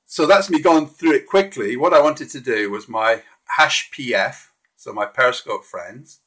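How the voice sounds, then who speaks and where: A man's voice: medium pitch, unhurried, fairly bright tone, slightly rough. A man hosting a casual live stream, walking through slides in a friendly, hesitant way with frequent restarts.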